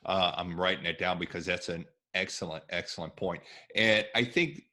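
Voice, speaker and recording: A man's voice: sits low, normal speed, sharp tone. A man hosting a podcast interview who reacts readily and affirms his guest. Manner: responsive, exclaims, affirming. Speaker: podcast host.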